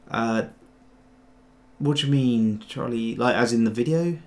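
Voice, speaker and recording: Male host, mid-pitched, loose and rambling, chats with viewers while sculpting. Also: a little slow. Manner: rambling, chatty, trails off and restarts; answers viewer chat while working. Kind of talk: casual livestream tutorial chat.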